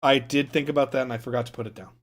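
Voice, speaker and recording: A man from Wisconsin co-hosting a movie podcast in casual chat, animated, swearing and laughing at his own jokes. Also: mid-range voice, racing. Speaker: podcast co-host.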